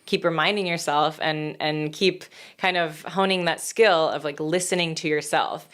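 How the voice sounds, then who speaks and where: Lady cohosting a horn podcast, kinda low voice, chatty, lots of likes and ums. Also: steady tone, a bit bright. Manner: chatty, quick to laugh, lots of fillers. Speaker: podcast co-host, horn player. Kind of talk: casual chat.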